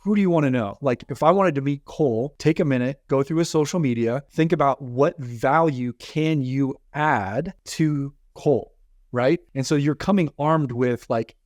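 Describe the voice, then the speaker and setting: A man's voice: medium pitch, moderate pace, a little mellow, dry recording, studio quality. A man in a casual podcast conversation, friendly and teasing, peppering his speech with "like". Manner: friendly, teasing, uses filler "like". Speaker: podcast guest.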